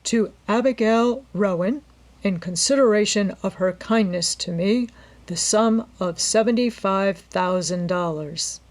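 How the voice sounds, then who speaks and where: A woman voicing a calm, courteous middle-aged male lawyer with a polite, measured manner in a storybook reading. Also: medium pitch, lightly acted. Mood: formal reading.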